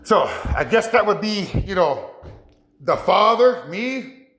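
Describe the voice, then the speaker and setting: A man in a rambling monologue who talks haltingly, restarts his sentences often and laughs a lot. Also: high voice, animated, fairly bright tone, roomy sound. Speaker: vlogger.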